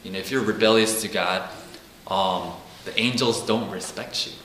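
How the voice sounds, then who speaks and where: A man's voice: lowish voice, moderate pace, fairly bright tone, echoey room, a little hiss or hum, rough recording. A man giving an informal Bible teaching, talking casually, repeating himself and acting out quotes. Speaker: preacher.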